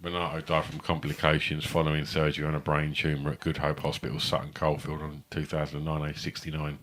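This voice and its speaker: A man's voice: rumbling low, monotone, fairly quick, a bit bright. A man, co-hosting a comedy podcast with dry, playful humour. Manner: dry, playful game-runner. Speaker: podcast co-host. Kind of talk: casual comedy chat.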